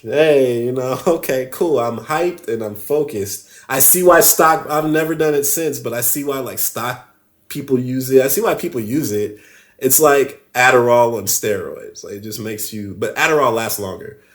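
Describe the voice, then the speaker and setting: A man telling a story on a podcast, animated and laughing often, swearing casually. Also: medium pitch. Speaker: podcast guest.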